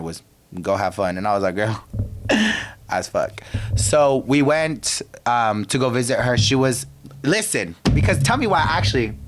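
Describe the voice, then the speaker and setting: A young man from Virginia hosting a podcast, ranting in a brash, profane, casual monologue that keeps breaking off mid-thought. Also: mid-range voice. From Virginia, United States. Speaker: podcast host.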